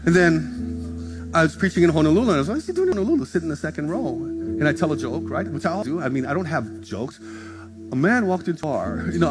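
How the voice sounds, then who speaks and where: Male pastor, animated sermon storyteller who does everyone's voices, music underneath. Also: fairly high pitch. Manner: animated, acts out conversations in shifting voices.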